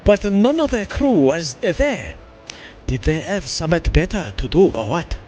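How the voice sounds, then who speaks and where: A man reading out a blunt, swearing male game quest-giver in a put-on English accent, rough and clipped. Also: on the high side, big pitch swings, moderate pace, darkish tone, faint music behind. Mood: gruff.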